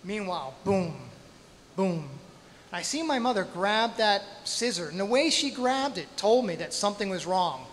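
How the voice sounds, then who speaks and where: High-voiced man telling a story in a hall. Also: animated, a bit bright, a little hiss or hum. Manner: dramatic, with pauses and spoken sound effects; self-deprecating humor. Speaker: storyteller at a live event. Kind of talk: live storytelling performance. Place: stage in a hall at a storytelling night. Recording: hall reverb, faint ambience.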